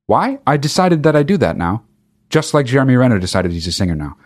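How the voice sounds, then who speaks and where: With big swings in pitch around a medium register, a male podcast host rants fast in a sarcastic, profane, meandering comedic style.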